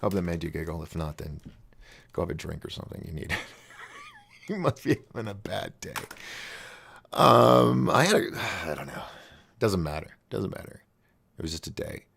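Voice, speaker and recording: A man with a gravelly voice rambles through a casual monologue as a call-in show host. His pitch swings all over as he talks, and he keeps giggling at his own jokes. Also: lively intonation, normal speed, pauses often, a bit bright, a little hiss or hum. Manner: rambling, restarts and trails off.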